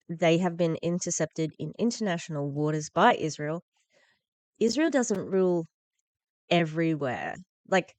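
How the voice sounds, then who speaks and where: A woman's voice: lowish voice, darkish tone, clean tone, dry recording. A woman hosting a political commentary podcast, reading the news aloud and reacting in a heated, blunt, profane way with sarcastic asides.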